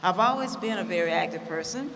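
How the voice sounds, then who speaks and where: A woman's voice: fairly low pitch, lively intonation, fast talker, a bit bright, slight background noise. A woman giving a chatty, self-deprecating keynote speech at a conference, with lots of fillers. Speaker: keynote speaker. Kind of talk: public speech. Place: conference hall. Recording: hall reverb, faint ambience.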